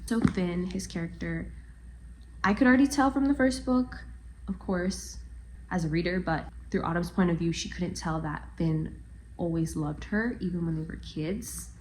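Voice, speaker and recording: Young woman, casual book vlog chat, gushing, lowish voice, faint room hum. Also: moderate pace, low-quality recording. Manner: chatty and gushing, softens to near-whispers at sad parts. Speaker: book vlogger. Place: at home, bedroom.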